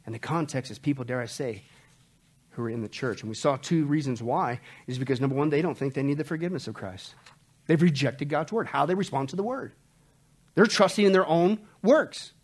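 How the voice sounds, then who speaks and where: A man preaching an expository sermon to a church congregation, swinging between loud emphatic outbursts and low hushed warnings. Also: fairly quick. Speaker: pastor. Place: church service.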